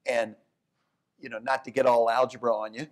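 Animated male economist guest. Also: mid-range voice. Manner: animated, talks in quick bursts, restarts and corrects himself. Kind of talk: onstage conversation.

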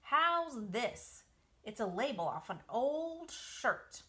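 A grumbling, indignant barn rat, voiced by a woman in a storybook reading. The voice jumps high and loud when annoyed, bright and lively in tone. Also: takes it slowly, full character voice. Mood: eager.

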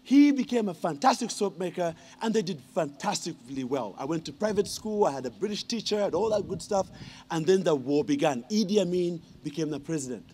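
Give me a man with a high voice, telling funny stories in a lively ceremony speech. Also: brisk, slight background noise. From Uganda. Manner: animated, teasing the audience with questions. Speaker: honorary degree recipient giving a speech. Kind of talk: humorous ceremonial speech, storytelling.

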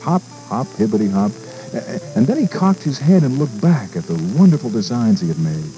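A man, a radio DJ, reading a storybook aloud in a gentle, unhurried way, with fillers and small asides. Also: medium pitch, very animated, faint music behind, poor audio.

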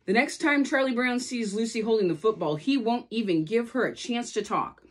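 A woman's voice: fairly high pitch, moderate pace, hardly any pauses, breathy edge. A woman from California reading a children's storybook aloud, giving the characters their own voices. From California, USA. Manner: lively read-aloud with voiced character lines. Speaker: storybook reader.

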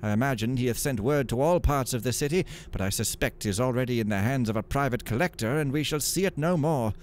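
A man's voice: mid-range voice, fast, voice pushed up, close to an everyday voice. A fretful old monk librarian mutters in old-fashioned speech, pious, fussy and a little pompous, as a man puts him on for a game. His voice sits a little raised over a faint hiss of background noise. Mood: fretful musing. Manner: archaic, musing, slightly pompous.

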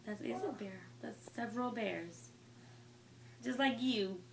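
A woman's voice: fairly high pitch, slow pace, vocal fry. A young woman reading a picture book aloud to her toddler at home, asking patient, encouraging questions. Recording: echoey room with faint background noise.

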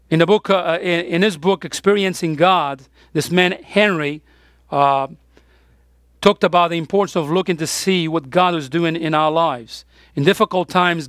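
A man's voice: a little high, fairly bright tone, no echo, clean studio sound. A man preaching a sermon as pastor, emphatic, with his voice rising on the key points.

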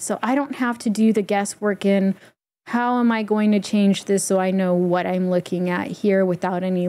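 A woman walking through a software setup in a casual, chatty tutorial, explaining step by step with easy fillers. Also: mid-range voice. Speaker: streamer giving a setup tutorial. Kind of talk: casual screen-recorded tutorial.

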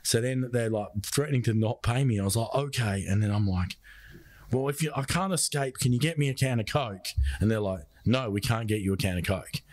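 A man's voice: mid-range voice, a little fast, dry recording. An Australian man telling a story as a podcast guest, swearing freely and acting out the lines of the people in it. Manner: profane, animated, acts out quoted dialogue. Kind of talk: casual storytelling chat.

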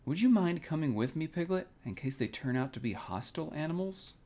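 Man reading as a gentle, dim teddy bear, earnest and pondering, lifted voice with a gravelly edge. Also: on the high side, lively intonation, a little fast, pitched above the performer's own voice. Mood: ponderous. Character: gentle, slow-witted male teddy bear.

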